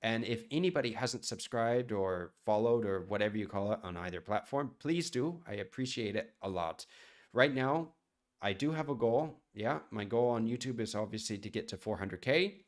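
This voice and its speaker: A man's voice: fairly low pitch, animated, moderate pace. A man from the United States, a chef chatting casually on a live stream and answering viewer questions in a rambling way.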